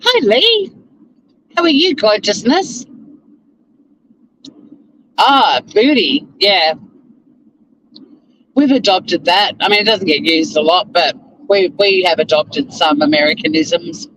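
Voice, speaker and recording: A man's voice: high voice, expressive, slow, pauses often, a bit bright, a little hiss or hum, low-quality recording. A man with an Australian accent hosting a casual live-stream chat from his car, greeting viewers by name and swearing now and then. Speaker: lawyer and live-stream host. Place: in a car, driving to work.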